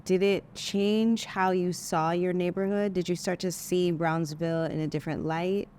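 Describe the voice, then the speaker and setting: A woman interviewer asks reflective questions and affirms her guest in a casual tone. Her voice sits somewhat low. Faint street ambience sits behind her. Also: fairly even intonation, normal speed, darkish tone, a little hiss or hum. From the Bronx, New York. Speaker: host. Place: outdoors on a city street.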